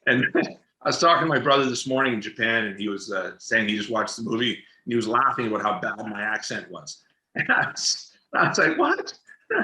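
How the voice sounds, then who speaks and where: A man, an actor and interview guest, chatting casually and telling animated stories, laughing often and repeating words as he goes. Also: lowish voice, a little fast. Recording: roomy echoey room sound.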